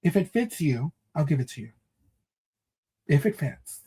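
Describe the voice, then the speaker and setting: A man's voice: fairly high pitch, big pitch swings, measured pace, dark tone. A man hosting a casual livestream, chatting with viewers in a sassy, campy way, calling them honey and girl and slipping into Spanish phrases. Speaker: livestream host.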